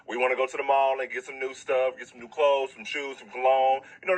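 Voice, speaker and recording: A man's voice: medium pitch, bright, forceful tone, breathy edge, poor audio. A man ranting casually and profanely about the cost of living, sounding exasperated. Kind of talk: casual rant.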